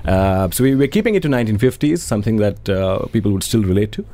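Man, theatre director, low gravelly voice, hesitant, lots of fillers. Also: sing-song, quick pace, dark tone. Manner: hesitant, filler-heavy, repeating phrases. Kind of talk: radio interview.

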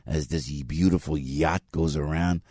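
A man's voice: extremely low pitch, fairly even intonation, unhurried, darkish tone, husky, no echo, studio quality. A man hosting a morning talk radio show, chatty and full of restarts as he reads live ads.

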